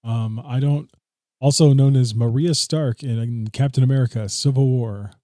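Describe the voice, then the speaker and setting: A man's voice: mid-range voice, normal speed, dark tone, no echo, studio quality. A man co-hosting a casual film review podcast, talking loosely, swearing freely and laughing often. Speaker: podcast co-host.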